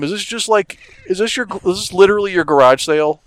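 A man's voice: high voice, quick pace, clear, resonant tone, dry recording. Middle-aged guy on a podcast, cussing and ranting, dry close mic. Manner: profane, ranting storyteller who gets worked up. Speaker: podcast co-host. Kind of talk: casual podcast chat.

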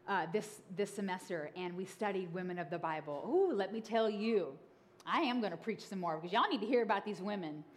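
A woman in her thirties preaching a sermon, telling funny stories and acting out voices. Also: medium pitch. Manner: lively, humorous, acts out voices. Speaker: pastor. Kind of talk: sermon with storytelling.

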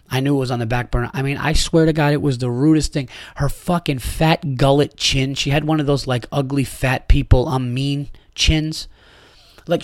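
A man in his thirties tells a long, profane story in a rambling, ranting monologue. He stumbles through fillers and restarts as he goes. His mid-pitched voice sounds dry and close, with no room echo. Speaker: podcast host.

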